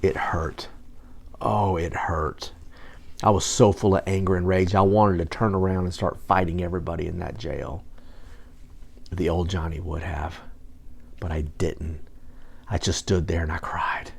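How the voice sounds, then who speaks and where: A man preaching, telling his own story in an earnest, emotional way, sometimes dropping to a hushed voice. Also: sits low, fairly even intonation, unhurried, vocal fry, pauses often, slightly rough. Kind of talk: testimony sermon.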